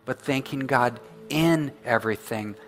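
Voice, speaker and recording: A man's voice: mid-range voice, unhurried, faint music behind. A man speaking as pastor, thanking a speaker and encouraging the congregation in a sermon. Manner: encouraging, gently exhorting.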